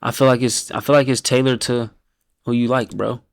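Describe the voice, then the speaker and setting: A man hosting a live reaction stream, loud and blunt, who swears freely and often laughs. When he reads out names his voice drops to a low mumble, and then he bursts out with his verdict again. His voice sounds close and dry, with no room echo at all. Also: flat delivery, a little fast, gravelly, smooth. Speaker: host reacting to viewers' fan-picked football teams.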